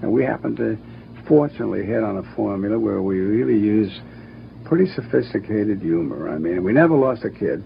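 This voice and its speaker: An older man, a cartoon producer and director, telling stories in an interview with a brisk, anecdotal manner. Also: fairly low pitch, lively intonation, creaky. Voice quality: brisk, anecdotal, acts out quotes. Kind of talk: interview, reminiscing. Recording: dull archival recording with faint hiss.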